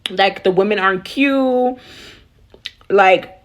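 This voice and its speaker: A woman's voice: medium pitch, takes it slowly. A young woman from Nigeria telling a personal story as a casual rant, slangy and blunt, swearing freely.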